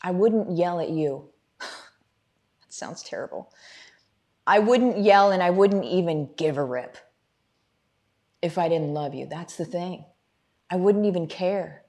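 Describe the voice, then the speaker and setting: A woman's voice: fairly low pitch, measured pace, mellow. Middle-aged female coach hosting a live stream, fervent and preachy, speaking straight to her audience. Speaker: business coach and livestream host. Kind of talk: motivational livestream talk.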